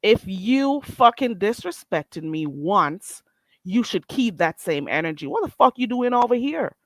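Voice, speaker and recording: A woman's voice: medium pitch, big pitch swings, unhurried. A woman hosting a casual livestream, talking bluntly and swearing freely, reading and answering her chat. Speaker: livestream host.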